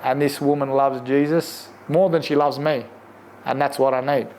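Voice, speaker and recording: A man with an Australian accent, in his forties, telling his faith testimony casually, animated and slangy, laughing often. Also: medium pitch, normal speed, slight background noise. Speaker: guest sharing testimony.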